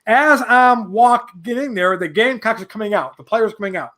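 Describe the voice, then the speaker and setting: A man in his forties from New York, a podcast guest telling a rambling, animated anecdote full of restarts. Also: sits high, brisk. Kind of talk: casual storytelling.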